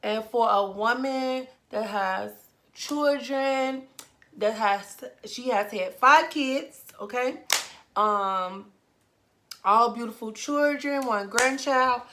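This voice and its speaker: A woman's voice: fairly high pitch, drawn-out words, fairly bright tone. A woman vlogger, chatting emphatically to her viewers and tagging "okay?" onto her points. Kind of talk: casual unboxing chat to viewers.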